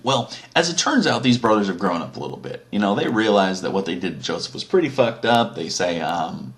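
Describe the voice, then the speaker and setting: A man's voice: sits low, sing-song, fairly quick. A man telling an old story as a casual, crude comedic retelling, full of swearing and asides. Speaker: comic storyteller.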